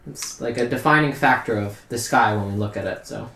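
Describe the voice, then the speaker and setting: A man's voice: mid-range voice, fairly quick, creaky, fairly bright tone, pitched below the performer's own voice. A man voicing a skeptical, matter-of-fact female scholar who lectures and dismisses ideas. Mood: dismissive. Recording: roomy echo.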